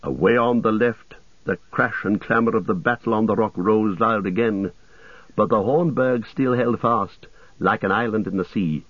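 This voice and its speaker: A man narrating an audiobook in a steady, measured way, over a tinny radio-like sound. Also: lowish voice, no echo.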